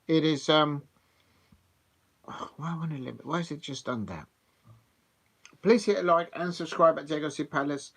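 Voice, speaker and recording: A man's voice: fairly high pitch, moderate pace, vocal fry, long pauses, a bit bright. A man hosting a live football watch-along, chatty and rambling with plenty of fillers. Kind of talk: casual live commentary.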